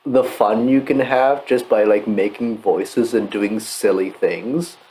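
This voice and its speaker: A man's voice: fairly low pitch, takes it slowly, warm tone, rough recording. A man in casual podcast chat, hesitant, with many restarts and easy laughter.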